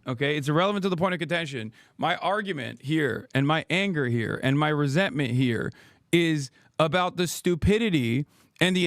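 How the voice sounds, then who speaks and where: A man's voice: high-pitched, no room sound, studio quality. A man in his thirties streaming an angry, profane political rant, full of sarcastic rhetorical questions. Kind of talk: ranting livestream commentary.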